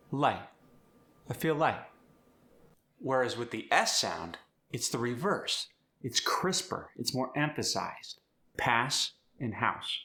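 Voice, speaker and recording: A man teaching an accent, explaining sounds and demonstrating words and sentences slowly, one at a time. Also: on the low side, pushed and bright. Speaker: accent coach. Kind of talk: accent tutorial.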